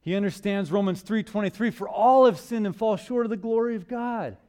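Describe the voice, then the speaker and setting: A man preaching a sermon in church, asking rhetorical questions and swinging between loud emphasis and hushed lines. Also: sits high, a little fast.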